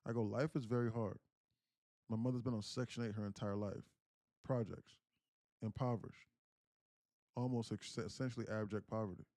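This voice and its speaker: This thirty-something day trading livestream host shares a personal family story with earnest candor, circling back over his own phrases. He talks fairly quickly but pauses often, in a low, mellow, steady voice. There's no echo, and the sound is studio quality.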